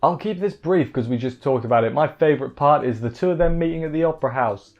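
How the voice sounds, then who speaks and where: A man's voice: on the high side, fast. A man recapping an anime episode in a casual, rambling way, wry and full of fillers and restarts. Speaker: anime reviewer. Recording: dull lo-fi mic with faint music.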